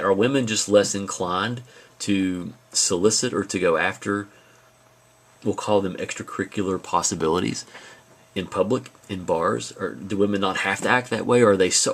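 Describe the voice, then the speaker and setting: A male high school teacher giving a recorded video lecture, telling stories in a conversational way with frequent asides. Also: fairly bright tone.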